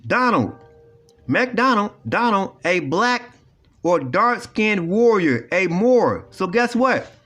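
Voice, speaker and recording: High-voiced ranting man. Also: big pitch swings, slow pace, fairly bright tone. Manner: profane, repetitive, emphatic, lecturing. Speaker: online commentator. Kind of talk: ranting video commentary.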